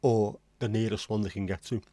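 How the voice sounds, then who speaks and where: Chatty low-voiced English man. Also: fairly even intonation, fairly quick, warm tone, no room sound. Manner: rambling, chatty, reads out viewer comments. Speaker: livestream host. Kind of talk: casual livestream chat.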